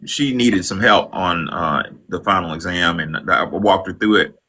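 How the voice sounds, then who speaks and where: A man who teaches, telling an animated anecdote on a panel after a hesitant start. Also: sits low, moderate pace, slightly rough. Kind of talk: storytelling in panel talk.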